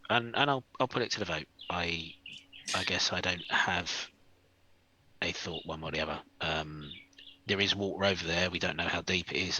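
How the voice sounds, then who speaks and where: Deep, husky man playing a tabletop game. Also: bright, forceful tone, poor audio. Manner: hesitant, with restarts. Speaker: player. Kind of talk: tabletop role-play.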